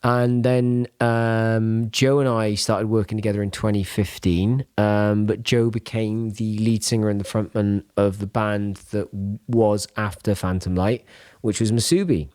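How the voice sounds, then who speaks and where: A man's voice: lowish voice, level tone, measured pace, few pauses, darkish tone, dry recording, clean studio sound. A man hosting a podcast, telling long rambling anecdotes full of asides. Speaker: podcast host. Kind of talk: casual anecdotal chat.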